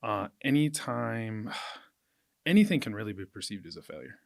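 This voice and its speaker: A man's voice: lowish voice, very animated, normal speed, gravelly, no echo, clean studio sound. A young man co-hosting a podcast, talking through ideas in a reflective way and often checking in with "right?". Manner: reflective, uses filler like "right?" and "um". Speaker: podcast co-host, coach. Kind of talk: casual podcast chat.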